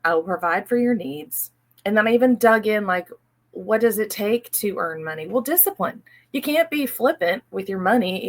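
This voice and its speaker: Chatty woman money mindset host. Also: mid-range voice. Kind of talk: casual personal talk to camera.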